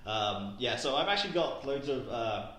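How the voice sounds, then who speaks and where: A man's voice: mid-range voice, expressive, normal speed, fairly bright tone. Giggly English man in an echoey room. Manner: rambling, giggly, lots of fillers. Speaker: podcast co-host. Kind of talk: casual podcast chat.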